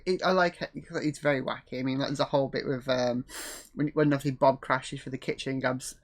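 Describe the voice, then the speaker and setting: A man hosting a casual chat about a comedy series, relaxed and swearing freely. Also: medium pitch, a little fast. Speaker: host.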